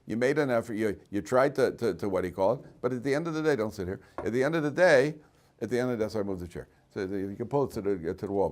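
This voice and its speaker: A rabbi with a medium-pitched male voice teaches a Torah class to students in a classroom. He is animated, acting out the voices of people in the story and stopping to speak to the students directly.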